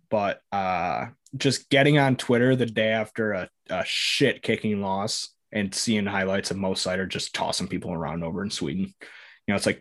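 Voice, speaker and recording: A man's voice: fairly low pitch, fairly bright tone. A man hosting a sports podcast, chatting casually and rambling with jokes and fillers. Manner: rambling, joking, lots of fillers. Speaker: podcast host.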